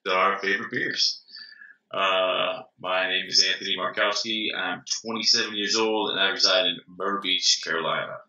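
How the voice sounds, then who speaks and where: Joking man in his thirties, bright voice. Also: low-pitched, steady tone, moderate pace. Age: 30s. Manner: joking, self-deprecating. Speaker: co-host. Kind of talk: casual chat. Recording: echoey, dull lo-fi room sound.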